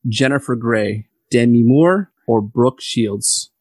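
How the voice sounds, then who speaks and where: A man hosts a playful podcast quiz, reading each question slowly and teasing his co-hosts. His voice sits at a middle pitch and sounds dry and close to the mic, with no room around it. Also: darkish tone, dry recording. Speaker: podcast host running a quiz game. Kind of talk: casual podcast banter.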